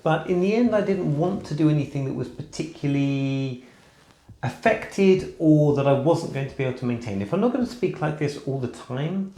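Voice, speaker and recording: Soft-pitched man explaining in an echoey room. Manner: measured, explanatory, softly raised register. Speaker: vlogger. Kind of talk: casual explanatory vlog.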